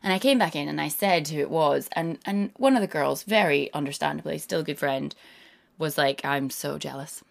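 A woman in her thirties, a guest actor in a casual interview, telling animated stories and slipping into quoted voices. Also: deep voice, fairly quick, creaky.

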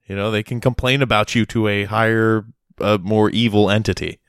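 Brief: casual podcast co-host, man, rambling sarcastic storyteller, smooth resonant voice, dry close sound. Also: on the low side, steady tone, normal speed, dry recording. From Massachusetts. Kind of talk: casual chat.

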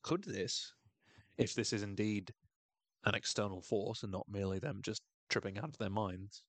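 A man's voice: on the low side, moderate pace, fairly bright tone, no echo. A man hosting a podcast, recapping a TV episode in a casual, irreverent way, swearing and laughing often. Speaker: podcast host.

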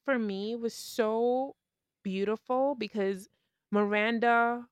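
A woman's voice: a little high, steady tone, slow pace, clear, resonant tone, dry recording. A woman guest on a podcast, casually and reflectively talking through a TV episode. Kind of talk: casual TV recap chat.

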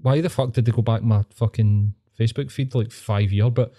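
A man's voice: lowish voice, steady tone, fairly quick, dark tone. A Glaswegian man chatting casually on a podcast, dry and sweary, laughing often. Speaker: podcast co-host. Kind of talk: casual chat.

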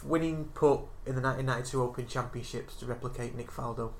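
A man hosting a casual podcast and bantering quickly with his co-hosts. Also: medium pitch, steady tone, a little hiss or hum. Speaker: podcast host. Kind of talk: casual chat.

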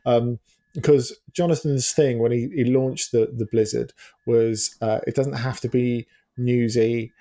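Gravelly, mellow-toned man musing aloud. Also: mid-range voice, steady tone, a little slow. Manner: rambling, hesitant, with many fillers and restarts. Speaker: football journalist, podcast co-host. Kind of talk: casual podcast chat.

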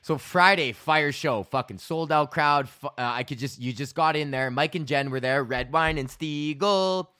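Alberta guy ranting on his podcast, bright edgy voice, swears a lot, laughs at himself, dry close mic. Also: fairly high pitch, normal speed, hardly any pauses, dry recording. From Alberta, Canada. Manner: profane, laughing, acts out both sides of phone calls. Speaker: podcast host and stand-up comic. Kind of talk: casual solo podcast rant.

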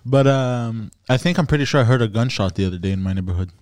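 A man's voice: mid-range voice, fast talker, darkish tone, no echo. A man on a podcast, telling rambling, hesitant stories. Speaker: podcast co-host. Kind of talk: casual podcast chat.

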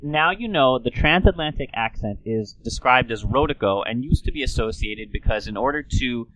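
A man's voice: mid-range voice, animated, moderate pace, fairly bright tone, dry recording, low-quality recording. A man hosting a casual talk show, explaining things in a playful, lecturing way. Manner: lecturing, playful, slips into old-timey announcer voice. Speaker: podcast host.

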